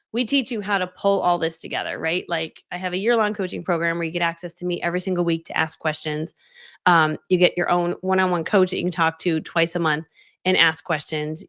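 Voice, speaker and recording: Bubbly middle-aged woman coaching live on stream, bit of vocal fry, super dry close mic. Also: on the low side, fairly bright tone, no echo. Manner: bubbly, chatty, laughs often, reads out viewer comments. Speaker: business coach hosting a livestream. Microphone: studio dynamic microphone.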